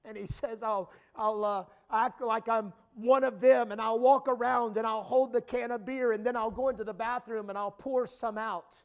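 High-voiced preacher stammering into shouts. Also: male voice, steady tone, normal speed, few pauses, clear, resonant tone. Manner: repetitive stammering restarts, builds to shouting. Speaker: pastor. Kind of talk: sermon. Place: camp meeting.

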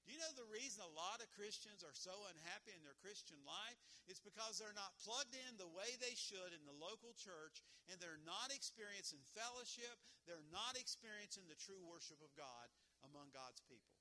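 Pastor, male, high bright voice, folksy preaching. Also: expressive, normal speed, few pauses. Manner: folksy Bible teaching, asks listeners questions. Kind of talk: sermon.

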